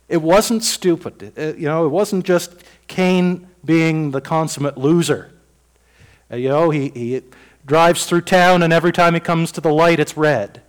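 A man preaching a sermon in a conversational, folksy way, acting out quoted dialogue and swinging between loud bursts and quiet asides. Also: a little high, unhurried.

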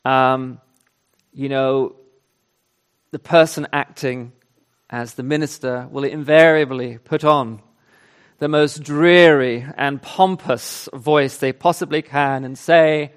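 A man's voice: mid-range voice, fairly even intonation, slow, clear, resonant tone. A man preaching a sermon, reading scripture with emphasis and then explaining it in an earnest, conversational way. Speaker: pastor.

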